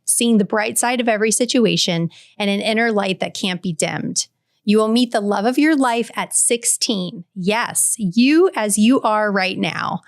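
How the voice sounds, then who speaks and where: A woman's voice: mid-range voice, gravelly, dry recording, clean studio sound. A woman in her forties hosting a podcast, reading a heartfelt letter aloud and then reflecting earnestly to the listener. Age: 40s. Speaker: podcast host.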